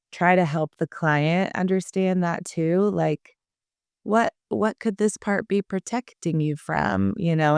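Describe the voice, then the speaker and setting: A woman therapist, a podcast guest, explaining in a reflective, warm-hearted way in casual conversation. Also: low-pitched, clean tone, no echo, studio quality.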